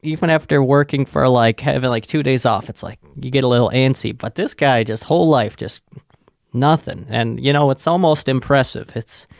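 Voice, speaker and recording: A man's voice: medium pitch, moderate pace, creaky, no echo, studio quality. A young man, hosting a podcast and rambling through a profane, filler-heavy rant. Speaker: podcast host. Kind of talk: casual solo rant.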